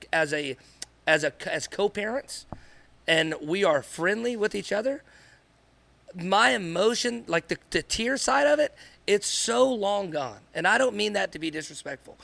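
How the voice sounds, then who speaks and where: A man's voice: high voice, creaky, sharp tone, no room sound. A man co-hosting a podcast, speaking earnestly and in a rambling way, often repeating himself. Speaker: podcast co-host, father. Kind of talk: candid podcast conversation.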